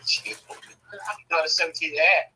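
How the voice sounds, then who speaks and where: A man telling a family story casually, profane and animated, often laughing. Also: on the high side, brisk, low-quality recording.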